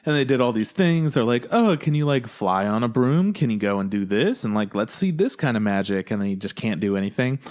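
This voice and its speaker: A man co-hosting a podcast in casual chat, talking excitedly and profanely and acting out scenes in quick impressions. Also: on the low side. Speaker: podcast co-host.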